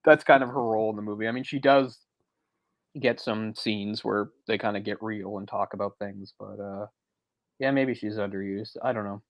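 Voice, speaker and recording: A man's voice: on the low side, fairly even intonation, moderate pace, no room sound, dull audio. A man co-hosting a movie discussion podcast, talking in a rambling, self-correcting way with frequent chuckles. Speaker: podcast co-host.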